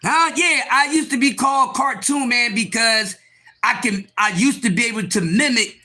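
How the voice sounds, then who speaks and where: High, cartoonish man shouting. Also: moderate pace. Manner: loud, preachy, often shouting. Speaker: live stream host. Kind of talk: animated livestream talk.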